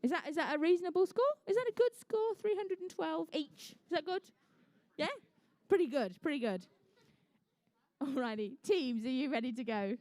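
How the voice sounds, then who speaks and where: A woman's voice: high voice, darkish tone, no room sound. A young woman with an English accent, refereeing and commentating a live competition in a playful, chatty way with jokey asides. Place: indoor competition venue.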